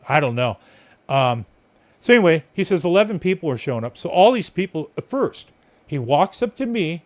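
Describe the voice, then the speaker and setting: Animated, profane man telling a story. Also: a little high. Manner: blunt, profane, rambling storyteller. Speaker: podcast host. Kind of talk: casual storytelling monologue.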